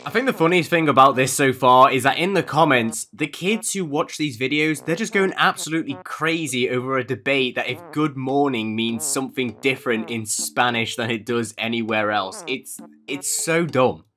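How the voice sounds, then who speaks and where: A man's voice: medium pitch, normal speed, hardly any pauses, sharp tone. A man doing comedic reaction commentary, sarcastic and mocking, with lots of rhetorical questions. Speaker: commentary youtuber.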